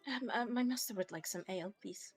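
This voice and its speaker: A woman's voice: medium pitch, brisk, slightly rough, soft background music. A woman playing in a tabletop game, chatting and joking with the group. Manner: chatty, laughing. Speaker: player. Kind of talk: casual tabletop play.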